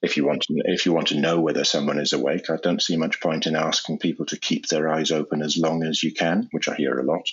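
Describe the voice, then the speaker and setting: A man speaking as an anesthesiologist guest in an interview, explaining in a measured way and often repeating words as he restarts. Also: rumbling low, level tone, fairly bright tone, breathy edge. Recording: dull lo-fi sound.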